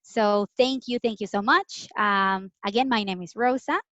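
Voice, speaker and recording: A woman's voice: mid-range voice, moderate pace, a bit bright, no room sound, highs cut off. A woman with a British English accent, an interpreter and guest, introducing herself in an earnest, friendly way with light filler words over a video call. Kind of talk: casual self-introduction.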